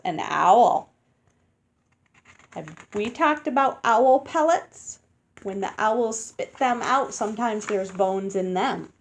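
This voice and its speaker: A woman's voice: medium pitch, creaky. A woman reading a picture book aloud to children, stopping to explain words, sound out hard names and ask them questions.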